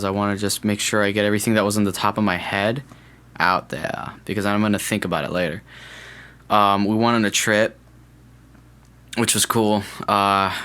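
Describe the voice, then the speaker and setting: A young man with a fairly low voice hosts his podcast alone and talks off the cuff. He rambles from thought to thought, corrects himself mid-sentence and slips in little jokes, in an easygoing, casual chat. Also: a bit bright. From California. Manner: rambling, self-correcting, jokey. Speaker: podcast host.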